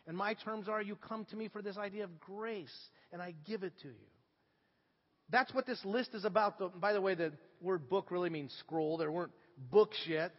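A middle-aged pastor with a bright, high-pitched voice delivers a storytelling sermon, dropping low and quiet, then climbing loud. The sound is slightly dull, carried in a long church reverb. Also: male voice, moderate pace. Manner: animated storytelling, swinging from hushed to shouting. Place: church sanctuary.

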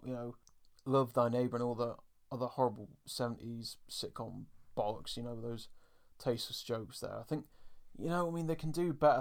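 Gravelly male podcast co-host, casual and chatty. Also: medium pitch. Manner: chatty, many fillers, acts out quoted lines. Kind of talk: casual episode review chat.

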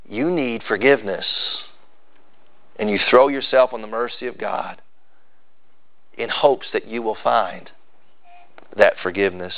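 A man's voice: lowish voice, measured pace, vocal fry, long pauses, dull audio. A male pastor, preaching a sermon with emphatic, building repetition.

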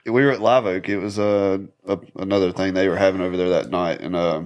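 A man's voice: deep voice, fairly even intonation, brisk, darkish tone, clean tone, lo-fi sound. A man on a casual podcast, rambling through a laid-back story with lots of restarts.

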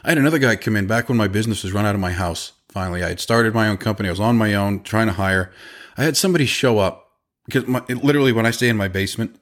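Emphatic low-voiced man telling stories. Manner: emphatic, animated, rapid bursts. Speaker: podcast host and business owner. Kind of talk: casual storytelling monologue.

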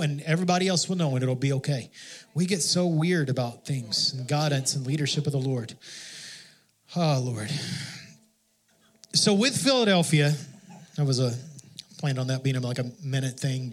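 A man preaching a sermon in a conversational, self-deprecating storytelling manner, often restarting his sentences. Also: on the high side. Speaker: pastor.

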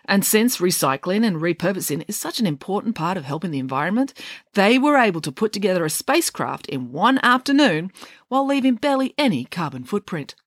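A woman reading a children's bedtime story with playful, deadpan humour. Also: medium pitch, dry recording, clean studio sound.

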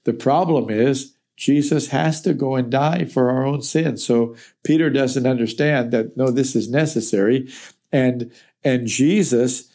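A man's voice: medium pitch, mellow. A man teaching through a Bible book verse by verse, reading scripture aloud and then explaining it in plain, earnest words.

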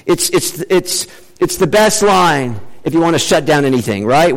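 A man preaching a sermon in an animated, emphatic way, changing his pace for effect. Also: on the high side, normal speed. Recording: long hall reverb.

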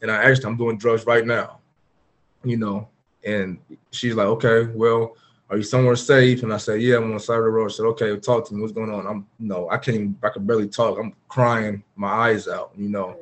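A man's voice: on the low side, flat delivery, a little fast. A man guest on a podcast, candidly recounting a personal story in an earnest, open way with frequent fillers. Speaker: podcast guest, former pro football player.

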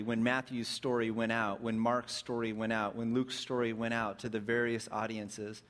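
Brief: male preacher, mid pitch, dramatic storyteller, lively and then hushed, conversational sermon. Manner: vivid, swings between excited bursts and hushed reflection.

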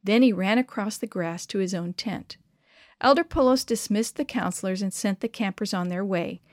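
A woman reading a children's story aloud in an expressive, measured way. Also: medium pitch, no room sound, clean studio sound.

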